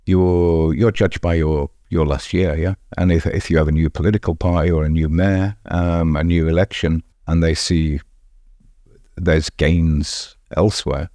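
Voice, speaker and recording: A man's voice: deep voice, warm tone, no room sound, studio quality. A middle-aged man, answering in a podcast interview, emphatic and often repeating words as he restarts. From England. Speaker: street art festival founder.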